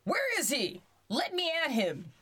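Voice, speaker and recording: A woman putting on a rude, hot-tempered storybook king who barks out cruel orders. The voice is pitched a little above her own and lively. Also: normal speed. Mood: commanding. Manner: barking orders.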